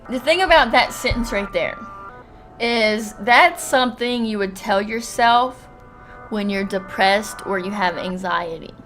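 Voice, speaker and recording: A woman giving casual, expressive commentary while playing a video game. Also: a little high. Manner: expressive reactions, musing aloud.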